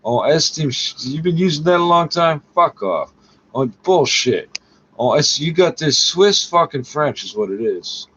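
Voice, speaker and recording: A man's voice: on the high side, animated, a bit bright, husky. Profane man stumbling through French aloud. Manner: profane, argumentative, mutters asides under his breath; reads French haltingly, stopping to correct himself. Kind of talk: casual solo recording, reading French aloud and commenting. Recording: dull lo-fi recording with faint music. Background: faint music.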